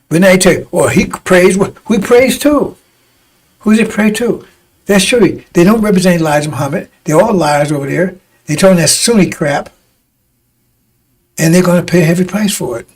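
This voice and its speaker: Guy preaching hard, high voice, keeps going "see?", rambly and combative. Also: a little mellow, low-quality recording. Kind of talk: fiery preaching broadcast.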